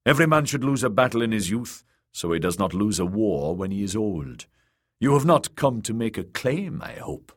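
A man's voice: fairly low pitch, very animated, normal speed, dry recording, studio quality. A man reading an audiobook, voicing a stern middle-aged warrior captain. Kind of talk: audiobook character voice.

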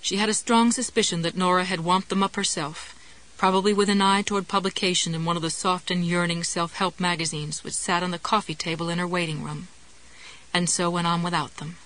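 Low-voiced woman narrating an audiobook. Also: steady tone, brisk, a bit bright, low-quality recording. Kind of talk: scripted narration.

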